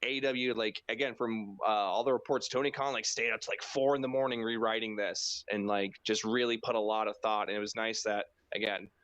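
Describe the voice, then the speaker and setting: A man co-hosting a casual wrestling podcast, talking in a loose, profane way and acting out reactions in high mock voices. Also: fairly even intonation, fairly quick, few pauses, fairly bright tone, no echo. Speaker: podcast co-host.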